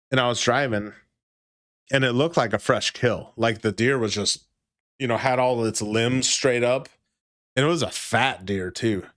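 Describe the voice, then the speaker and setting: A man's voice: mid-range voice, a bit bright, no echo. Profane, rambling male streamer, dry sound. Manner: profane, rambling, swears often and laughs. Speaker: livestream host. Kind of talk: casual livestream chat.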